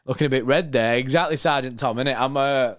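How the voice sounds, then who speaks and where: A man's voice: medium pitch, fast, fairly bright tone, no room sound, clean studio sound. A young man hosting a football watchalong stream, chatting casually and joking as he reads out chat messages. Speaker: watchalong host reading live chat.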